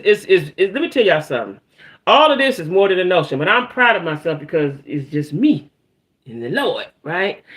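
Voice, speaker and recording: A woman with a low, fairly bright voice hosts a casual livestream, speaking directly to her viewers as she shares her news and swears freely. She keeps checking in with "right?" and "y'all," and often stumbles and restarts.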